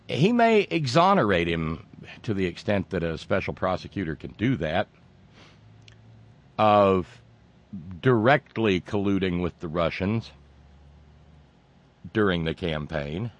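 Lively, barker-style male show host. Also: deep voice, slow, long pauses. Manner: carnival-barker patter, mocking asides. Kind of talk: sarcastic talk show monologue.

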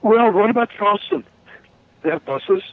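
A man from New York calling in to a radio chat, talking in halting restarts with the odd chuckle. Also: sits high, no room sound. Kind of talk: casual phone-in chat. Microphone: telephone. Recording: dry tinny phone line.

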